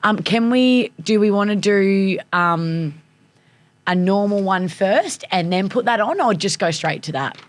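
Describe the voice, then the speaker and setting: A woman's voice: medium pitch, expressive, unhurried, no echo. A woman, co-hosting a podcast and chatting casually as she steers the segments. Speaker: podcast co-host. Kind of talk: casual chat.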